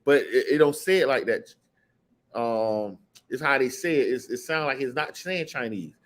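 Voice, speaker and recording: A man leading a casual scripture study, talking loosely and reading Bible verses slowly and deliberately. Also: mid-range voice. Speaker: Bible teacher.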